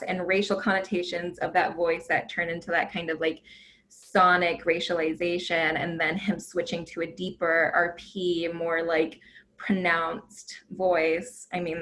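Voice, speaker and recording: A woman in her thirties from the United States giving a casual academic talk, chatty and full of fillers. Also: lowish voice. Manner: chatty, filler-heavy, animated. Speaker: guest lecturer.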